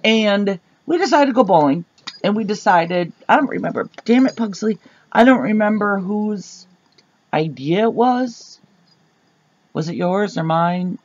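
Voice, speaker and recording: Animated woman telling a rambling story. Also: mid-range voice, measured pace. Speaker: podcast co-host. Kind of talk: casual storytelling chat. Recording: dull lo-fi sound.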